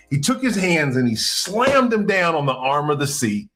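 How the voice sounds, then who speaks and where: A male podcast host telling a story casually, in an animated way, acting out what people said. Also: normal speed, few pauses, faint music behind. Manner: animated, acts out quotes with big pitch jumps.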